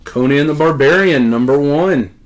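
Excited man unboxing comics. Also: fairly high pitch, normal speed. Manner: excited, exclaiming, grateful, talkative. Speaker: comic book collector vlogger. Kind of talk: casual unboxing chat.

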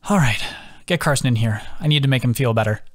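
A man's voice: mid-range voice, fast, close to an everyday voice. A man voicing a cautious young woman healer who speaks firmly and caringly in an audiobook.

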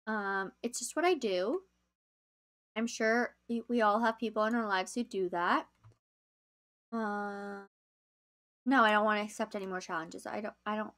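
A young woman chatting casually to viewers as she plays a game on a live stream, easily excited. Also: medium pitch.

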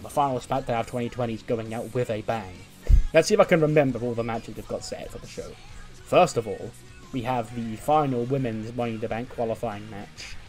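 A man casually recapping a wrestling simulation game, chatty and amused, often laughing and quickly retelling scenes. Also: medium pitch. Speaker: video game let's player. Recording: faint background music.

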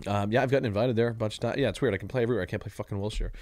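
Young man, podcast guest, low voice, dry close mic, swearing, animated storyteller. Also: very fast, dry recording. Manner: profane, animated storyteller, loud bursts when acting out calls. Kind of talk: casual chat.

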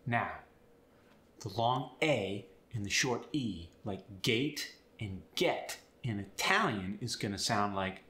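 A man teaching accents and explaining sounds step by step in an upbeat, clear way. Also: on the low side, lively intonation, slow, pushed and bright, roomy sound. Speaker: accent coach. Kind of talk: instructional video.

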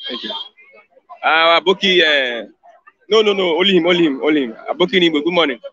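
A man's voice: on the high side, fast talker, bright, forceful tone, no room sound, highs cut off. A man with a Nigerian Pidgin English accent interviewing someone in the street with short prompting questions.

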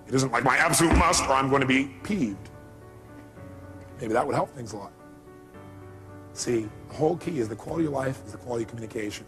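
A man giving a live motivational seminar, speaking emphatically and firing rhetorical questions at the audience. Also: mid-range voice.

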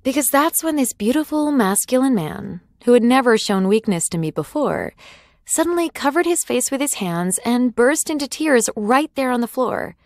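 A woman's voice: on the high side, expressive, normal speed, dry recording, clean studio sound. A woman telling a dramatic, confiding personal story as scripted narration for a sales ad.

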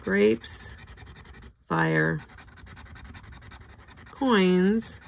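An older woman with a hoarse throat, casually calling out scratch-off ticket symbols one by one with chatty asides. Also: mid-range voice, steady tone, extremely slow. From Florida. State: hoarse, throat not cooperating. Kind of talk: casual running commentary.

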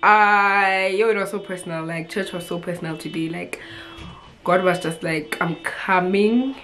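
A woman's voice: fairly low pitch, flat delivery, moderate pace, pushed and bright, a little hiss or hum. A young woman from Africa, chatting casually and expressively to camera with frequent laughs and fillers. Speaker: vlogger.

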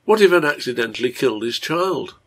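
A man voicing a hard, resentful male tavern keeper in a read-aloud story, with a husky, gravelly voice. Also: medium pitch, moderate pace. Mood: angry. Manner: blunt, resentful.

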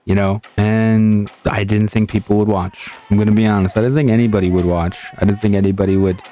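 Candid young man, low voice. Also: flat delivery, a little fast, mellow, faint music behind. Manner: rambling, candid, with restarts and frustrated outbursts. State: tired. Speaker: gaming channel host. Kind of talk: casual confessional monologue.

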